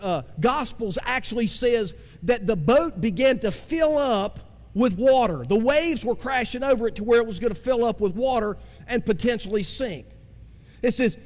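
A man preaching a sermon as pastor, swinging from impassioned cries down to slow, low emphasis. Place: church sanctuary. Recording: long hall reverb.

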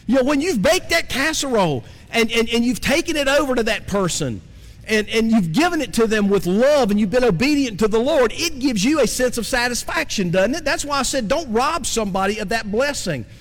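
A man's voice: very high voice, expressive, fairly quick, a bit bright. A man preaching a sermon in a conversational style, often putting questions to his congregation. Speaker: pastor. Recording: long reverb from a large hall.

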